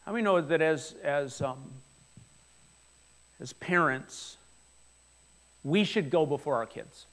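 A man's voice: on the high side, animated, slow, long pauses, fairly bright tone. A man in his forties preaching a sermon to a congregation in a church, earnest and conversational, often asking the room questions. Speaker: pastor. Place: church hall before a congregation.

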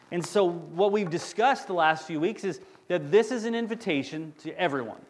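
A middle-aged man preaches in a church sanctuary, with a voice that sits a little high for a man. He talks to the congregation like a friend, telling family stories and tossing them questions. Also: moderate pace, hardly any pauses. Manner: conversational, storytelling with audience questions. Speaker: campus pastor. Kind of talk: sermon.

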